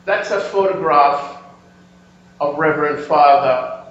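A man giving an animated, emphatic history lecture with slides, speaking to an audience in a lecture hall. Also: on the high side, takes it slowly. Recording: echoey, distant, dull lo-fi room recording with faint hum.

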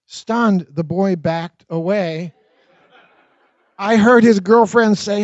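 Man narrating own memoir, high voice, expressive, dry, dull lo-fi sound. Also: no room sound. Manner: expressive, dramatic reading with quick asides.

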